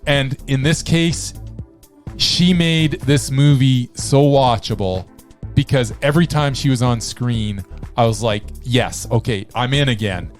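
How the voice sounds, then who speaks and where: A man's voice: mid-range voice, a little slow, faint music behind. A man co-hosting a film review podcast, chatting casually and enthusiastically. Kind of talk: casual chat.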